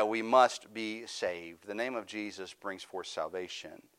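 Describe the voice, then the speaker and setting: A man's voice: fairly low pitch, unhurried, hardly any pauses, fairly bright tone. A middle-aged male pastor preaching a sermon, reading scripture aloud and rising into fervent, raised preaching.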